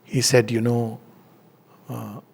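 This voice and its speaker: A man's voice: medium pitch, level tone, slow, gravelly, a little mellow, slightly rough. A middle-aged man giving a spiritual talk, telling anecdotes with frequent chuckles. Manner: chuckles often while telling stories. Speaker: spiritual speaker.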